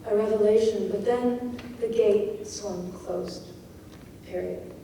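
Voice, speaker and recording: Woman poet teaching craft, unhurried, heard from far off in a roomy hall. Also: mid-range voice, fairly even intonation, gravelly, warm tone, slight background noise. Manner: slow, reads lines aloud and dwells on their sounds. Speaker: poet giving a craft talk. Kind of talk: lecture on poetry craft. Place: lecture hall.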